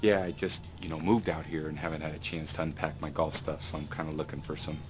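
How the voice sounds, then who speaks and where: A man's voice: very deep voice, fairly even intonation, quick pace, over music. A man from California playing a customer growing exasperated in a comedy ad sketch. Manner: exasperated, insisting he has no accent.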